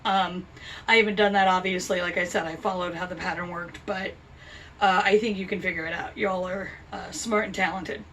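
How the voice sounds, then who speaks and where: A woman's voice: lowish voice, fairly even intonation, moderate pace, a bit bright, distant mic, slight background noise. A woman vlogging about her crochet project in a chatty, rambling, self-deprecating way. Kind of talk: casual chat.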